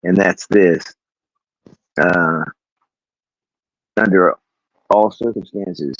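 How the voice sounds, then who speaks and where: A man's voice: deep voice, measured pace, long pauses, darkish tone, no room sound. A man ranting about his workday to camera, rambling and swearing, laughing often. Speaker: vlogger. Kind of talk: casual rant. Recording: dull, lo-fi, dry recording.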